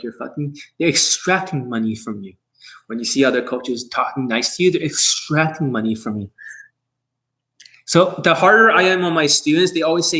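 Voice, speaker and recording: A dating coach, a man, delivers a boastful, profane monologue straight to his viewers. His voice sits a little high for a man, and he talks bluntly, with no softening. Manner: blunt, boastful, heavy swearing.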